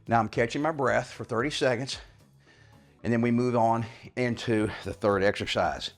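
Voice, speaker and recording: A man's voice: mid-range voice, normal speed, soft background music. Casual fitness coach, man over fifty. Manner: casual, keeps saying "all right?". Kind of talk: home workout instruction.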